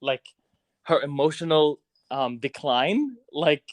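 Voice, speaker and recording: A man's voice: on the high side, lively intonation, slow. A man co-hosting a podcast, chatty and reflective as he weighs up a film. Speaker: podcast co-host. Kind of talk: casual movie review chat.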